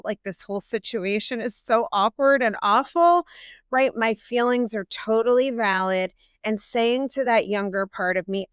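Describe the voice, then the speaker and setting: Female therapist, middle-aged, earnest interview guest; clear resonant voice, dead-dry sound. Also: medium pitch, no echo. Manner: warm, earnest explaining with quoted self-talk. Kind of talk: interview conversation.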